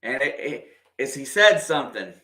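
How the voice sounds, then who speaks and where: A man doing casual, partisan play-by-play of a basketball game for a livestream, excitable and quick to react to the officials. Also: mid-range voice. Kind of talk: fan play-by-play commentary. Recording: echoey room.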